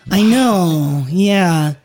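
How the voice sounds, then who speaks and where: A game master who says they are still sick and recovering their voice, narrating a tabletop game in halting bursts and then reading the show's outro. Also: mid-range voice, expressive, darkish tone. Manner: halting, with many fillers and restarts. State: still sick, voice not fully back.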